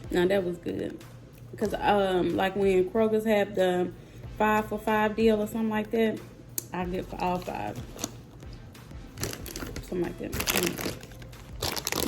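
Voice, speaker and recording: Slow-talking woman, chatty vlogger. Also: medium pitch, soft background music. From Mississippi, USA. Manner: chatty and playful, talking straight to viewers. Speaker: mother and vlogger tasting snacks. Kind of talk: casual chat to camera.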